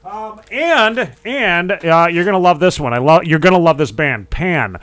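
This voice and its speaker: A man's voice: high voice, expressive, normal speed, a bit bright. A man hosting a casual podcast, rambling with many restarts. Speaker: podcast host.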